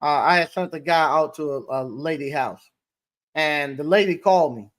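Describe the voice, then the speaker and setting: A man, an appliance repair business owner, telling stories in a casual interview with a halting, rambling delivery full of restarts. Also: on the high side, fairly bright tone.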